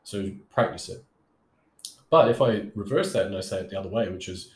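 A man gives sales tips in a lowish voice, talking loosely with plenty of fillers and restarts. The room around him carries a noticeable echo. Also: a little fast. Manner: conversational, with many fillers and restarts. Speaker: sales coach. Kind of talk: casual coaching monologue.

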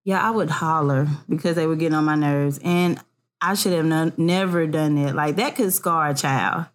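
A woman in casual chat as a podcast co-host, telling animated family stories. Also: low-pitched, moderate pace. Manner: animated storyteller, acts out family voices.

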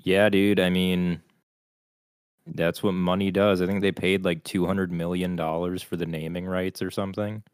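Blunt deep-voiced man, dry sound. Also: little pitch movement, moderate pace, smooth, no room sound. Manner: blunt, swears a lot, argumentative. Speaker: podcast co-host. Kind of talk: casual crude podcast banter.

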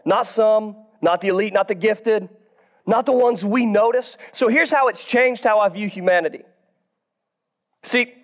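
Guy preaching in church, pretty high voice, gets soft then shouts stuff out. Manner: animated preaching, swings from low and soft to loud, drawn-out shouts. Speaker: pastor. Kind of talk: sermon. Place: church sanctuary.

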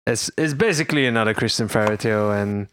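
A man co-hosting a podcast, talking casually and haltingly, poking fun at himself. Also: fairly low pitch. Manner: hesitant, laughing, self-mocking. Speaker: podcast co-host. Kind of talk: casual chat.

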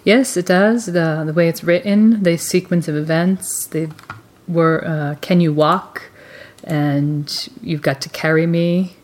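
A woman podcast co-host discussing a book in a measured, thoughtful, analytical way. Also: on the low side, fairly even intonation, darkish tone, a little hiss or hum. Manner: measured, thoughtful, with some fillers.

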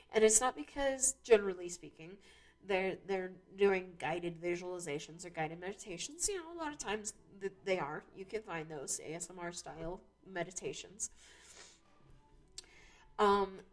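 Woman host, lowish pitch, loose rambling monologue. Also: lively intonation, moderate pace. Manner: rambling, many restarts and fillers, laughs at herself. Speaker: podcast host. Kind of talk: casual monologue.

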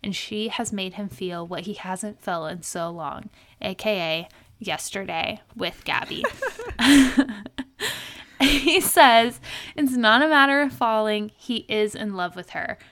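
Young female podcast co-host, bright mid-pitched voice, lively retelling with quotes and giggles. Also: slow. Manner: animated storytelling, quoting people with laughs. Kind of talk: casual recap chat.

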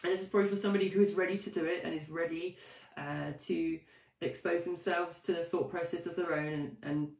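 A woman's voice: low voice, creaky, distant mic. Chatty woman coach, echoey room. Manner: chatty and animated, with many fillers, restarts and self-mocking asides. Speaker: life coach. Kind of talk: live-streamed coaching talk. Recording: roomy echo, voice set back from the mic.

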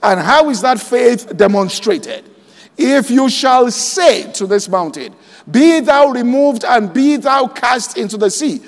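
High-voiced pastor preaching in a hall. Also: male voice, expressive, creaky. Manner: preaching slowly and deliberately, quoting scripture aloud; checks in with the congregation often. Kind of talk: sermon. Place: large church hall. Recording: long hall reverb.

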